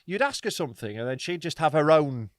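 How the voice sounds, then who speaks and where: Sweary storytelling man, lively pitch. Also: quick pace. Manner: sweary storyteller, acts out quotes. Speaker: podcast co-host. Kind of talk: casual comedy podcast chat.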